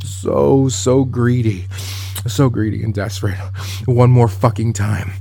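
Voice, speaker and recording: A man performing an intimate audio role-play, speaking in a dominant, murmured way with constant low hums. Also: fairly even intonation, a little slow, creaky, dark tone, soft background music.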